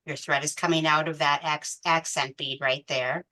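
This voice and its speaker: A woman's voice: deep voice, fairly even intonation, moderate pace, bright, forceful tone. A woman teaching a beading class step by step, counting beads aloud patiently. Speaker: beading instructor. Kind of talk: step-by-step craft tutorial.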